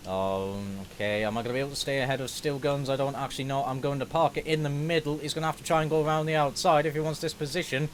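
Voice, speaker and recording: A young man giving excitable, fast-moving play-by-play of his own racing game, swearing when things go wrong. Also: mid-range voice, slight background noise. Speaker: gaming YouTuber. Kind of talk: live racing game commentary.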